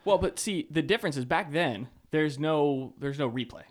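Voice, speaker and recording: A man's voice: fairly high pitch, moderate pace. A young man co-hosting a casual sports podcast, matter-of-fact as he chimes in to agree and add detail. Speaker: podcast co-host.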